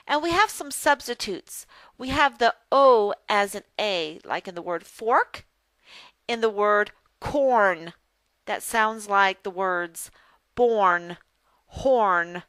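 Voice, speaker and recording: A woman teaching a phonics lesson as a reading tutor, speaking slowly and carefully and repeating words for pronunciation. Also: medium pitch, fairly bright tone, dry recording.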